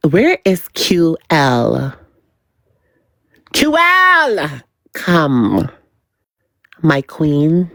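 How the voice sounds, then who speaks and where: A woman hosting her own livestream and giving gossip commentary. She talks in a dramatic, drawn-out way and repeats words in a teasing sing-song. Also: sits low, wildly swooping pitch, a bit bright, no room sound. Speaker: livestream host.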